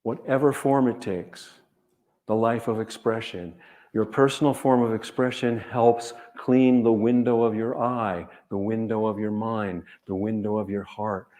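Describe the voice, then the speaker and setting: A man with a fairly low voice tells a reflective story to a listening audience. He speaks in a measured, earnest way, pausing often and repeating phrases for weight. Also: darkish tone. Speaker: author giving a reading and talk.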